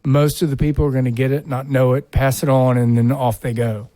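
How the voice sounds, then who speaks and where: A man's voice: medium pitch, level tone, brisk, mellow, no room sound. A man hosting a podcast, rambling and wry in casual banter. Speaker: podcast host.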